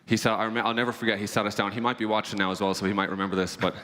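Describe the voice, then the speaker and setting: A man's voice: lowish voice, fairly even intonation, racing, fairly bright tone. A young man chatting on stage as a guest Irish dancer, eager and laughing as he counts out dance steps. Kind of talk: casual onstage chat. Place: large convention hall stage. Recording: long hall reverb.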